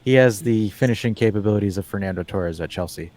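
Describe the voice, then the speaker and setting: A man co-hosting a casual football podcast, talking in a rambling, animated way, full of fillers and restarts, with wry asides. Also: on the low side, fast. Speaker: podcast co-host.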